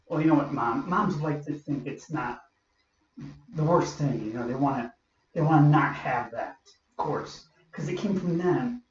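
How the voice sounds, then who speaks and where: A man's voice: on the high side, a little hiss or hum. A man in his forties telling a personal story in a repetitive, emotional way. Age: 40s. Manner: repetitive, emotional, repeats phrases. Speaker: vlogger. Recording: roomy, distant, muffled recording.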